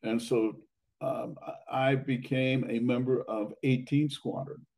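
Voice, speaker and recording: Slow, halting older man, hoarse. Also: mid-range voice, steady tone, darkish tone, poor audio. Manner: hesitant, halting with many fillers and restarts. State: losing his voice, clearing throat. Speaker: interviewee, academy alumnus. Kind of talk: reminiscing conversation.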